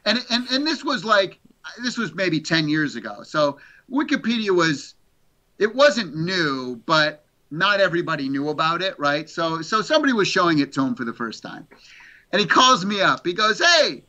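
A middle-aged man, an interview guest, chatting casually as an animated storyteller who repeats words. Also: a little high, moderate pace.

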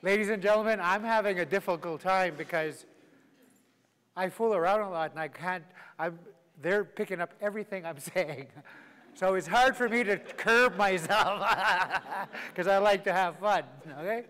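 A man with a fairly high voice leads a live language class, joking around and drilling words for the group to repeat. His voice rings out with a long reverb in a large hall. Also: moderate pace, fairly bright tone. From Canada. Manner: playful, laughing, drilling phrases for repetition. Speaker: Cree language teacher.

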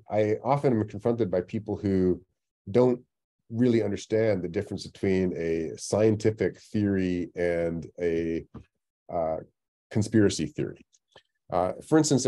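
Middle-aged guy giving a webinar science talk, low mellow voice, lots of uh's. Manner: conversational, with frequent "uh" fillers and restarts. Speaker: astronomy lecturer. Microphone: computer mic on a webinar call.

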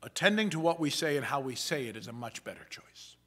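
A man, a pastor, preaching a sermon in a measured, emphatic way and slowing down for quoted passages. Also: mid-range voice, big pitch swings, fairly bright tone, breathy edge. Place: church sanctuary.

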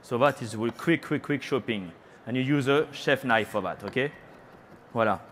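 With a medium pitch, moderate pace and slightly bright tone, a French chef with a French accent teases the trade show audience during his chatty live cooking demo, switching into French phrases now and then. A little hiss or hum is audible.

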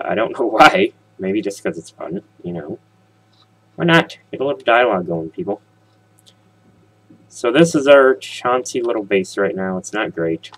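A man's voice: deep voice, breathy edge, low-quality recording. A man hosting a casual let's play, rambling and joking as he talks straight to his viewers. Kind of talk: casual gameplay commentary.

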